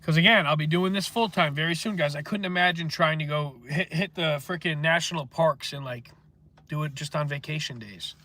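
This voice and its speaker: A man with a stuffy nose talks in a loose, meandering way, often stopping on filler words. His voice sits a little high for a man and has a bright, forceful edge. He hosts a casual livestream and reads out viewer comments. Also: fairly quick. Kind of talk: rambling casual monologue.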